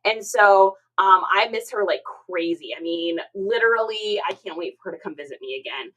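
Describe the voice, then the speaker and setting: A middle-aged woman hosting a casual live stream, chatting and reading out viewer comments in an expressive way, with many fillers and repeated words. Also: mid-range voice, fairly quick, low-quality recording.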